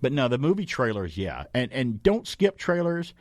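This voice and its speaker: A man's voice: medium pitch, big pitch swings, moderate pace, no echo, studio quality. A middle-aged man from Alabama hosting a casual talk radio show, telling stories and acting out quoted voices.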